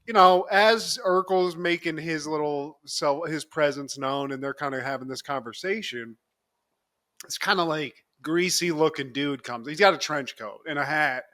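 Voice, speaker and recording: A young man casually recapping a TV episode on a podcast, animated and laughing often as he acts out quotes. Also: fairly high pitch, moderate pace. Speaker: podcast co-host.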